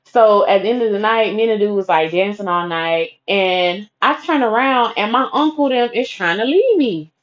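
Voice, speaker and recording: A young woman tells a personal story in blunt, profane everyday talk, slipping into the voices of the people in it as she goes. Her pitch sits in the middle of the usual range. The recording is dull and lo-fi, with muffled highs. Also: moderate pace, few pauses. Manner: profane, lively retelling full of quoted dialogue.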